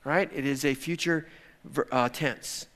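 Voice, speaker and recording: A middle-aged man preaching a sermon, animated, dropping to hushed tones and then rising to loud exclamations. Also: medium pitch, a little slow. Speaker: pastor.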